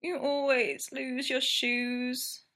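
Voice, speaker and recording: A drowsy young college woman who hates mornings, as a woman narrator voices her. She grumbles and pleads in a slightly raised, tired voice. The delivery is slow and sulky. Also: high-pitched, level tone, bright, forceful tone, pitched above the performer's own voice, heavily acted. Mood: sleepy. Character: sleepy, sulky young female student.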